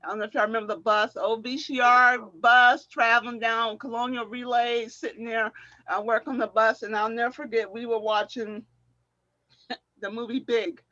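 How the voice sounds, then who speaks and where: A middle-aged woman, a former track athlete, telling animated stories in a casual chat and acting out what people said, often laughing. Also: a little high, moderate pace, no echo, lo-fi sound. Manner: animated storyteller, acts out quotes, laughs often.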